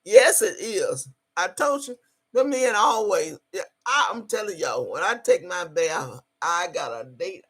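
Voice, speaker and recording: A woman's voice: fairly low pitch, lively intonation, measured pace, a bit bright, slightly rough. A woman hosting a livestream, talking brashly and profanely, boasting and laughing often as she greets her chat. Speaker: livestream host.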